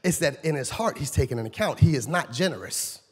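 A man pastor preaching a sermon, swinging between loud shouted lines and low quiet asides. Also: lively intonation, a little fast, breathy edge. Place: church sanctuary. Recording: long reverb in a large church hall.

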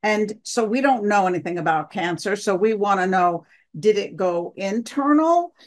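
Animated woman telling a story. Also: medium pitch, normal speed. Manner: animated storyteller acting out quoted dialogue. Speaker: guest, wife of the other guest. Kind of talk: storytelling interview.

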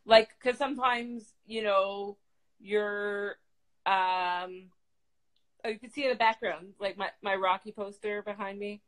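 A woman's voice: mid-range voice, fairly even intonation, poor audio. A woman hosting a casual live video chat, asking questions in a hesitant way with lots of restarts. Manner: hesitant, halting, many restarts. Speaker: host. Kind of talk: casual live-stream conversation.

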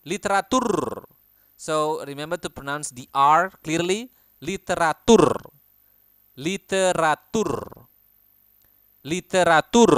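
A young man teaching pronunciation, repeating each word slowly and clearly before explaining it. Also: on the high side, a bit bright, no room sound, studio quality. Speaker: language teacher. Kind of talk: pronunciation lesson.

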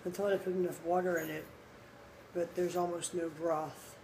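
A woman's voice: fairly low pitch, level tone, normal speed, darkish tone, slight background noise, rough recording. A tired woman doing a casual food-tasting vlog at home, blunt and candid, talking with her mouth full into a phone camera. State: tired late at night. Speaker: food vlogger. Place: home, indoors.

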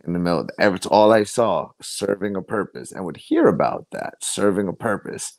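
A man with a low, deep voice recounts his life as a podcast guest. He speaks earnestly and haltingly, often restarting his sentences. The sound is close and dry, with no room around it. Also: animated, gravelly, darkish tone, dry recording. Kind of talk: personal storytelling in conversation.

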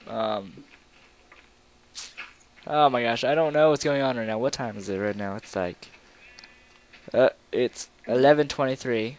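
A young man commentating a video game in a casual, rambling, goofy way, with sudden loud outbursts. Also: mid-range voice, measured pace, pauses often. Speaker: gameplay commentator.

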